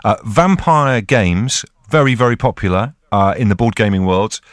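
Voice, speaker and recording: A man's voice: fairly low pitch, normal speed, no room sound, studio quality. A man hosting a board game podcast in casual chat, talking with stumbling restarts. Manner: animated, chatty, stumbling restarts. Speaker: podcast host.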